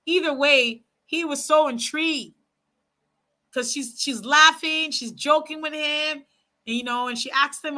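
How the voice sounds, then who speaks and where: A woman's voice: high-pitched, measured pace. A woman talking casually to her viewers, giving frank dating advice and telling stories with lots of asides. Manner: chatty, frank, animated storytelling with many asides; speaks to viewers as y'all and ladies. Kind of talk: casual advice chat to camera.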